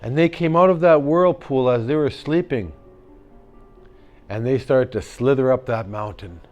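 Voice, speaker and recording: A man storyteller telling a traditional tale to children, animated, with sound effects and call-and-response teaching words. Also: medium pitch, a little slow, lo-fi sound, faint music behind.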